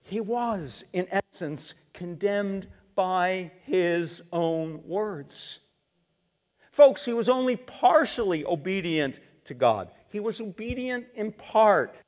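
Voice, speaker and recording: A male pastor preaching a sermon in a church, animated and acting out the quotes he reads. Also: high voice, slow. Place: church sanctuary. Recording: long reverb of a church sanctuary.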